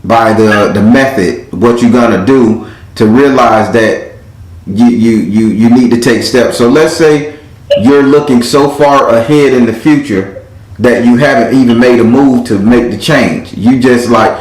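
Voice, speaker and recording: Blunt, profane male card reader, mid pitch, echoey room. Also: a little slow. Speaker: tarot reader. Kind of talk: live spiritual card reading.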